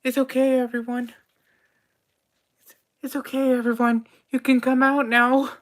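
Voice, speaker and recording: A woman's voice: fairly low pitch, takes it slowly, voice pushed up. A woman doing a flustered, timid head researcher. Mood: relieved. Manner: hesitant, flustered with many ums. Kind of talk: tabletop game role-play.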